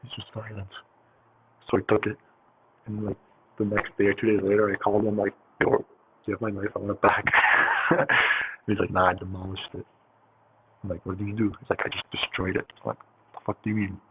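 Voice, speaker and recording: A man's voice: fairly low pitch, monotone, fast talker, long pauses. A man telling a story in a casual, rambling way, with lots of fillers and swearing. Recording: tinny phone-like audio with faint hiss.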